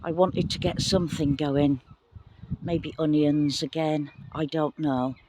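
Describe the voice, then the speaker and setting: Excitable woman on a garden tour. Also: low voice, takes it slowly, noisy background. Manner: excitable, gasping, apologetic. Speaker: gardening vlogger. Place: outdoor garden plot, windy.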